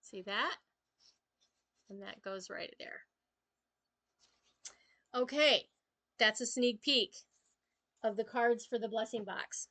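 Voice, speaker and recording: A woman with a bright, slightly high voice talks casually through a papercraft demonstration, pausing often with ums as her hands stay busy. The sound is close and dry, with no room around it. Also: no echo. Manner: chatty, many ums, talks while working. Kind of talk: casual live craft demo.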